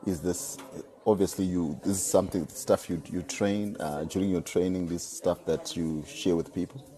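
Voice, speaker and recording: Deep mellow male host. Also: normal speed. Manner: relaxed, encouraging, shouts out viewers. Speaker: podcast host. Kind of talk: casual live-stream interview.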